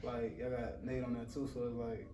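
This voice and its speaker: A man's voice: mid-range voice, completely flat delivery, moderate pace. A man hosting a casual interview, laid-back with short reactions. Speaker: interview host. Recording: roomy, distant mic, noisy.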